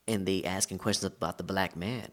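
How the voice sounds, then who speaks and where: A man from the United States, a guest in an interview, telling stories in a relaxed, slangy, conversational way. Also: low voice, fairly quick. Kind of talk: casual storytelling interview.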